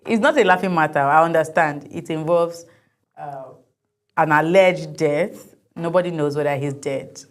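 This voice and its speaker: A woman's voice: deep voice, moderate pace. Chatty woman hosting a talk show. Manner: chatty, opinionated, laughs easily. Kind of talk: commentary on viral videos.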